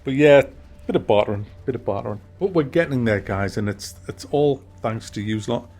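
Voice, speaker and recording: A man's voice: mid-range voice, fairly quick, a little mellow, faint music behind. A man hosting a gaming channel, rambling through a casual update from his home office with mild swearing. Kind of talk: casual monthly update chat.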